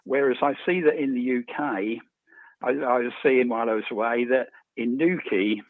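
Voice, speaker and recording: A man's voice: mid-range voice, fairly even intonation, no echo. Hesitant male caller on a tinny phone line. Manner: hesitant, halting. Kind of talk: phone-in call.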